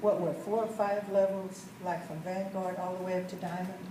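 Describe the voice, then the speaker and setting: A woman's voice: lowish voice, little pitch movement, moderate pace, background noise. Folksy woman telling a story, echoey room. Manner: folksy, chatty, asks the audience questions. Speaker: sales manager telling her story. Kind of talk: storytelling talk to a group. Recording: echoey room, mic far off.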